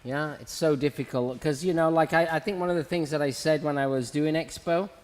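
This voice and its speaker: A man with a fairly high, darkish voice talks briskly and steadily in a large hall. He's a host and hair educator on a live stream, chatting casually, laughing often, and explaining a razor haircut as he does it.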